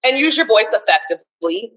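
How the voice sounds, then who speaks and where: A woman giving a college seminar talk on communication, loud and energetic. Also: on the high side, fairly quick, slightly rough, lo-fi sound. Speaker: seminar presenter.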